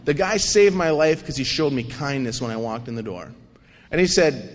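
A man speaking at a recovery meeting, telling his own story with animated, self-mocking humor and coarse asides. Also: mid-range voice, normal speed. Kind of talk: personal recovery story told to an audience. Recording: long hall reverb.

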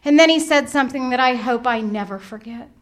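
A woman's voice: high-pitched, brisk. A middle-aged woman speaking at a recovery workshop, telling a story with humour and acting out her own thoughts. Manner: animated, humorous, acts out her own thoughts.

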